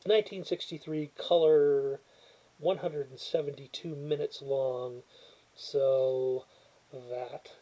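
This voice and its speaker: A rambling man talks casually into a laptop webcam from his couch at home. His voice is mellow and a little husky, and he stumbles and restarts often, poking fun at himself as he goes. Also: fairly high pitch, steady tone, slow pace, low-quality recording. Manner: rambling, self-deprecating, frequent restarts and stumbles. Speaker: movie reviewer. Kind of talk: casual rambling chat and reading a cover blurb aloud. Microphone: built-in webcam or laptop mic, new mic not set up.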